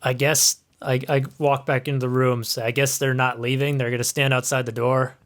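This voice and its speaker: A man's voice: mid-range voice, little pitch movement, moderate pace, a bit bright. A man playing a tabletop game, easygoing and chuckling. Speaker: player.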